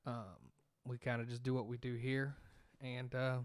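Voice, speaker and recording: A man's voice: mid-range voice, steady tone, unhurried. A man with a Southern US accent, co-hosting a casual podcast in a laid-back, profane, drawling way. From Southern United States. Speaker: podcast co-host.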